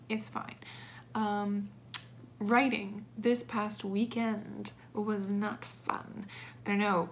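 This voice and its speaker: A woman's voice: a little high, slight background noise. A young woman talking casually in a writing vlog, rambling with lots of fillers. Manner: chatty, rambling with many fillers. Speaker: vlogger.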